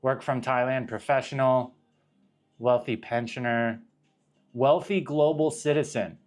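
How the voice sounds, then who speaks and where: A man's voice: mid-range voice, fairly even intonation, unhurried. A young man from Arizona chatting casually on a livestream, rambling, swearing and cutting himself off as he reacts to viewer questions. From Arizona, USA. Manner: rambling, profane, self-interrupting. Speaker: livestream host.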